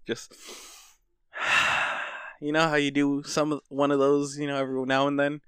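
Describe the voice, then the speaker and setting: A man's voice: fairly high pitch, monotone, measured pace, fairly bright tone, smooth, no room sound, studio quality. A young man co-hosting a podcast, telling loose, rambling stories and laughing through them. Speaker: podcast co-host. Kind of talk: casual chat.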